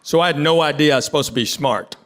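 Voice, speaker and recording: A man's voice: fairly high pitch, fast, a bit bright. A middle-aged man with a Southern American accent doing a stand-up comedy set on a club stage, with a laid-back drawl and wry self-deprecating asides. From Southern United States. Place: comedy club stage before a live audience. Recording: roomy live club sound with crowd noise. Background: audience laughter.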